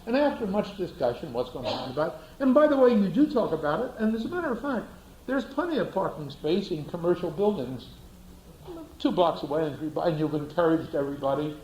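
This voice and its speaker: A man's voice: on the high side, sing-song, fairly quick, a little mellow, reverberant, slight background noise, poor audio. A man giving a classroom lecture, asking the class rhetorical questions and acting out little scenes.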